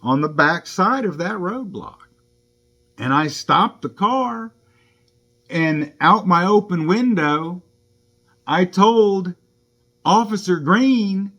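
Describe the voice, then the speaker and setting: A man's voice: high-pitched, animated, takes it slowly, long pauses, sharp tone. A man who drives for a rideshare service, giving an indignant first-person account of a run-in with police. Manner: indignant, aggrieved storytelling.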